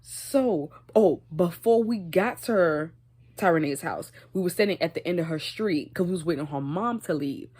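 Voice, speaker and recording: Young woman vlogger, slightly low voice, chatty and animated storytime delivery. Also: moderate pace, husky. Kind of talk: casual storytime.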